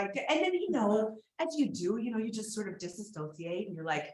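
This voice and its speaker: A woman performing a profane, confessional comedic story on a theater stage, swinging between loud bursts and hushed asides. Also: medium pitch, big pitch swings, a little fast, few pauses, roomy sound, poor audio. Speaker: solo performer.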